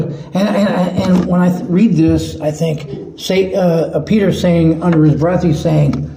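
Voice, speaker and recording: A man preaching a sermon in an earnest, halting way, often restarting his words. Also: high-pitched, gravelly, warm tone, a little hiss or hum. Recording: echoey room.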